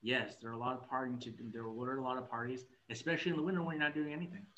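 A man's voice: mid-range voice, fairly even intonation, racing, heavy background noise. A young man from California's Central Valley, a podcast guest talking in a loose, rambling way and laughing often. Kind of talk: casual chat.

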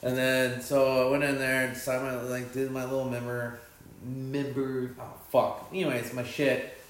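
A man's voice: medium pitch, flat delivery, measured pace. A man telling a rambling, profane story in casual chat, with lots of fillers and restarts. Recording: echoey room.

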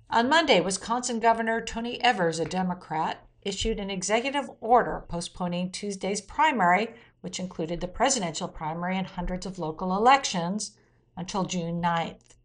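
A woman hosting a weekly news roundup, reading out quotes and adding blunt opinion asides. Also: medium pitch. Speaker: news commentary host.

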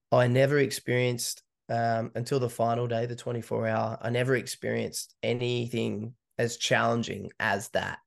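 A gravelly, mid-range male voice belongs to an ultra runner guesting on a podcast. He tells a candid story casually, swearing and acting out the quotes.

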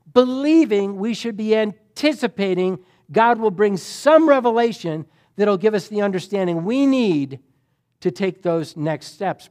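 A middle-aged man preaching a sermon, acting out scripture scenes with sudden swings between loud and soft. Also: high-pitched. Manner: animated, acts out Bible dialogue with sudden loud and soft swings.

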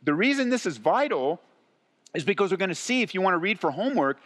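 A male pastor preaching a sermon, acting out worried parents in quick asides and moving between loud emphasis and quiet appeals. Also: sits high, big pitch swings. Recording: long reverb of a large hall.

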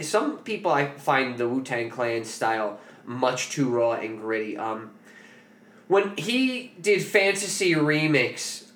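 A man's voice: medium pitch, fairly bright tone, reverberant. A man hosting a podcast, telling a story in a loose, profane, joking way. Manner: loose, profane, jokey storytelling with acted quotes. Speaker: podcast host. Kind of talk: casual storytelling chat.

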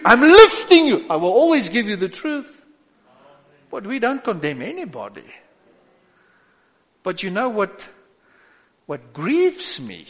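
A man's voice: high-pitched, fairly bright tone. A man preaching a sermon as pastor, urging his listeners with repeated call-outs and rising exhortations. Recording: echoey hall, dull lo-fi sound.

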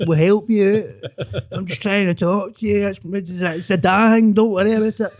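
Glasgow guy doing his worried dad, higher pitched, fussy and patronising. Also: fairly even intonation, normal speed, a little mellow, natural voice. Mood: fussing. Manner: overly concerned, patronising.

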